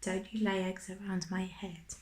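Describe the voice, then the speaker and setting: A cheeky, scolding parrot read by a woman in whispered role-play, chanting its little phrases severely. The voice sits at a middling pitch and rings in a roomy space. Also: level tone, unhurried, slight background noise, lightly acted. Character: rude squawking pet parrot, female. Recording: roomy echo.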